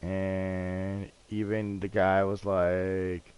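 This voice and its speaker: A man chatting casually on a gaming stream, telling a rambling, excitable story and swearing often. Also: low-pitched, normal speed.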